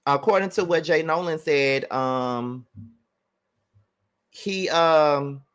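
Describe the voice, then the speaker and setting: A man's voice: on the high side, takes it slowly, a bit bright, clear, resonant tone. A man hosting a commentary channel, reacting to clips in a chatty, incredulous way and sometimes laughing in disbelief.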